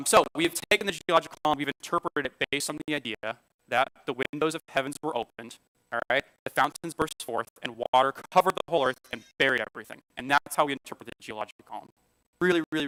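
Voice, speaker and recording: A man's voice: mid-range voice, sharp tone, smooth, dry recording, poor audio. A man teaching a church Sunday school class from slides, talking conversationally and checking in with "all right?" and "okay?" as he goes.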